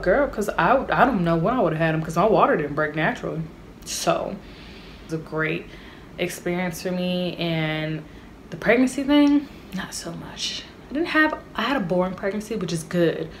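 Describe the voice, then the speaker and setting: A young woman tells a casual storytime straight to her viewers, chatty and animated. Her voice sits a little low for a woman. A faint hiss of room noise runs under her speech from the camera mic. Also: moderate pace. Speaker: vlogger.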